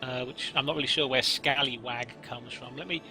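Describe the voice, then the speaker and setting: A man's voice: medium pitch, fairly even intonation, normal speed, bright, forceful tone, soft background music. A man co-hosting a casual podcast chat, rambling and playful with lots of fillers. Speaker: co-host.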